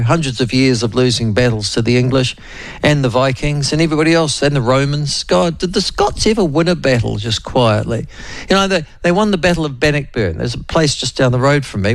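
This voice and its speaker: Wry rambling new radio host. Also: male voice, a little high, no room sound. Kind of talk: morning talk radio monologue.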